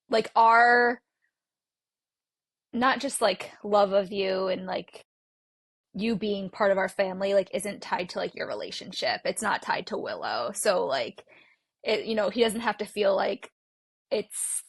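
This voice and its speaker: Woman podcast guest with a husky, creaky voice, rambling casually, dry close mic. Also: mid-range voice, takes it slowly, long pauses, a bit bright, dry recording. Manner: rambling, heavy use of "like", many restarts. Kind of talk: casual book discussion.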